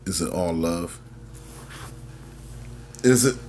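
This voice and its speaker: Man, deep-ish voice, slow, sarcastic stream commentary, faint noise. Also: darkish tone. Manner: sarcastic, blunt. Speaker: stream host reacting to a clip. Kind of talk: mocking live commentary.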